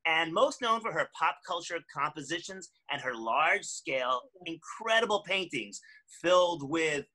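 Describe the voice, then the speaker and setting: A man's voice: fairly high pitch, expressive, normal speed, bright, forceful tone. A man co-hosting a podcast, chatting and joking casually before introducing the guest. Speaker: podcast co-host.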